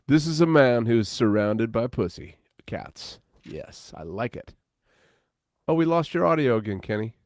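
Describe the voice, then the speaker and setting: Podcast co-host, male, playful and teasing; animated pitch. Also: unhurried, no echo. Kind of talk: casual banter.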